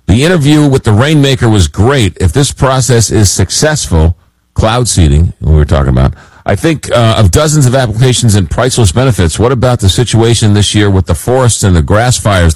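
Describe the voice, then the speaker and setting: A man hosting a late-night call-in radio show, reading listener messages and talking with callers, often halting on fillers. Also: fairly low pitch, darkish tone, dry recording, rough recording.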